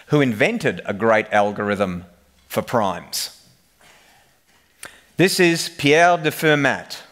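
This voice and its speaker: A man's voice: fairly high pitch, fairly bright tone. A man giving a humorous technical conference presentation, telling the story like a joking storyteller. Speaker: conference speaker.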